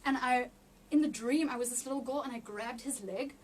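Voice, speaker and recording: A woman giving an emotional personal testimony in an interview, halting with many restarts and near tears. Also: high voice, recorded from a distance, a little hiss or hum. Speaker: interview guest.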